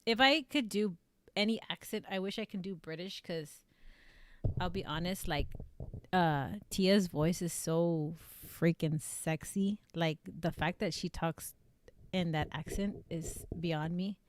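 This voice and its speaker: A woman streamer who does amateur voice acting, chatting casually and rambling with many fillers and restarts in a fairly flat delivery. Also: unhurried, slight background noise. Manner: flat, low-emotion delivery. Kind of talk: casual live-stream chat.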